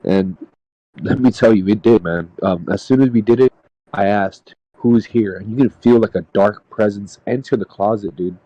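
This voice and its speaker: A man telling a personal story in casual podcast talk, halting and rambling with lots of "dude" and "man". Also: on the low side, mellow, no room sound, lo-fi sound. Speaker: podcast panelist. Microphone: podcast mic.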